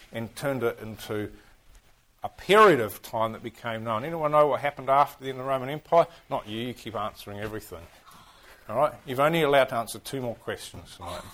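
A man with a New Zealand accent teaching a class, lively and full of questions to his listeners. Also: mid-range voice. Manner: animated, keeps firing questions at the class. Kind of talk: interactive history class on church history.

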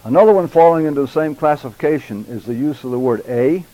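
An older man teaching a church public speaking class, deliberate and emphatic, addressing his students directly. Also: on the high side, expressive, warm tone, no echo, poor audio.

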